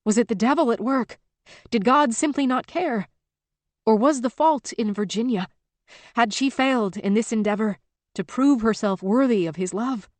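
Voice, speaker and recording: A woman narrating an audiobook in a measured, tense storytelling manner. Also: fairly high pitch, a little mellow, dry recording. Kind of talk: scripted narration.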